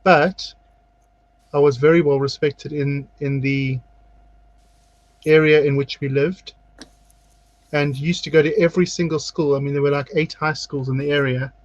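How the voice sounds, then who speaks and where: A man hosting a relaxed drag talk show, chatting as he paints his face. His voice sits a little high and sounds dry and close to the mic. He tells long stories and acts out the lines of the people in them. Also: moderate pace, long pauses, dry recording, highs cut off. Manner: chatty storyteller, acts out quotes. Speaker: drag queen host. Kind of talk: casual chat while doing makeup.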